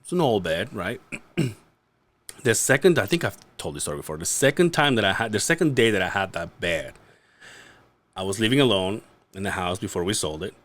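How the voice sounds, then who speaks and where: A man with a lowish voice that swings widely up and down as he chats. He trades raunchy jokes and laughs often as a guest on a comedy podcast, his talk loose and casual. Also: very animated, a little fast, fairly bright tone.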